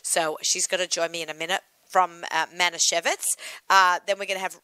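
Australian woman, radio host, bright forceful voice, dry close sound. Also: on the low side, little pitch movement, clear, resonant tone, dry recording. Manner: chatty, enthusiastic, quick asides. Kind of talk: casual radio chat.

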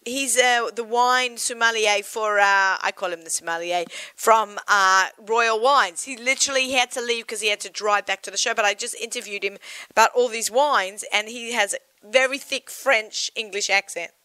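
A woman hosting an interview, firing quick, excitable follow-up questions. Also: on the high side, smooth, dry recording, rough recording. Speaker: interviewer host. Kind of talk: casual interview.

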